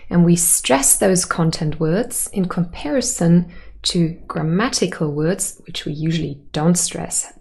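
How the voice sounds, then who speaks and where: A woman's voice: on the low side, vocal fry, warm tone. A woman teaching sentence stress in a patient, explanatory way with light humor. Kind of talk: explanatory lesson.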